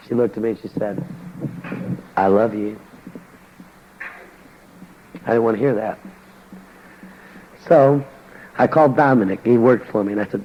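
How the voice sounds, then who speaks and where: A man's voice: mid-range voice, moderate pace, pauses often, lo-fi sound. Colloquial older man giving church testimony. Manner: colloquial storyteller with ungrammatical slang. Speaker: former boxer giving testimony.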